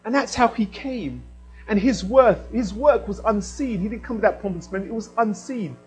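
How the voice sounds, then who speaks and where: A man preaching a sermon in an animated way, swinging from loud emphasis down to a quiet hush. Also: high voice, normal speed, faint music behind, poor audio.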